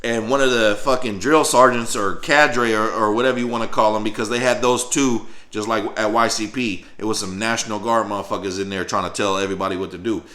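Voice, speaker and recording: A man from Louisiana telling a story from his past in a casual, profane, animated way, often asking "you know what I'm saying". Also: lowish voice, fairly quick, few pauses. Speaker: storyteller vlogger. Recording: roomy echo.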